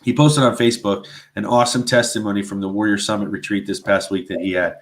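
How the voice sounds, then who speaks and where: Earnest rambling man, low voice. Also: fairly even intonation, fast, heavy background noise. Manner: rambling, earnest, fills with "right?" and "you know". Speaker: podcast co-host. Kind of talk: casual religious talk show.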